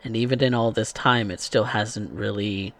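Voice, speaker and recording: A man's voice: on the low side, steady tone, normal speed, creaky, a bit bright. A man narrating as game master of a tabletop game, in a loose, rambling way.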